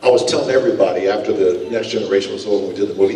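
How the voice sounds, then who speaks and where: A man, a guest actor at a convention panel, telling stories in a lively, self-mocking way and laughing often. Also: lowish voice, rapid-fire, hardly any pauses, a crowd in the background. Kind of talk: casual panel storytelling. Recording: echoey hall from far off.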